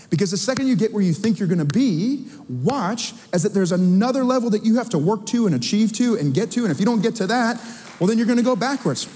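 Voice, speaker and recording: A man delivering a church sermon, his voice pitched high for a man. He preaches in an animated, conversational way, teasing and questioning the congregation. The sound carries a long reverb from a large church hall. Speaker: pastor. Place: church sanctuary.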